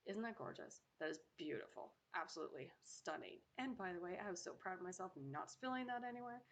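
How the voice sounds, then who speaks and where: Woman, home cooking vlogger, casual voice-over, playful, talks to viewers, gravelly voice. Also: on the low side. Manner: hums approval while tasting. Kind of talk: casual voice-over narrating her cooking footage. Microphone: home microphone.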